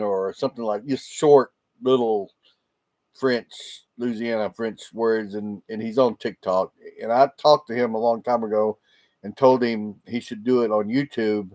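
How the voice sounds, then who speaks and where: A man's voice: lowish voice, fairly even intonation, measured pace, a little mellow. A man chatting casually on a livestream, rambling and laughing often. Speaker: livestream host. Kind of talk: casual live chat with viewers. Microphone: laptop microphone.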